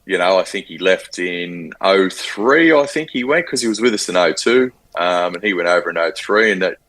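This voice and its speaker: A former rugby league player in his forties with an Australian accent, telling stories in a casual interview, animated and full of fillers. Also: low-pitched, normal speed. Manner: animated storyteller, acts out quotes, frequent fillers.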